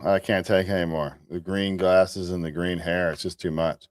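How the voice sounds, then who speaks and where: Low-voiced man with mocking, sarcastic commentary. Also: flat delivery, moderate pace, no echo, clean studio sound. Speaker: host and commentator. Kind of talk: commentary over played clips.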